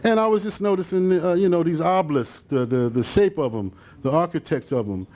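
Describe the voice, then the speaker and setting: A man's voice: a little high, a little fast, darkish tone. Rambling older man showing his photos. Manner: rambling storyteller, many fillers and asides, chuckles; acts out quotes in other voices. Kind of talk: casual slideshow talk to an audience.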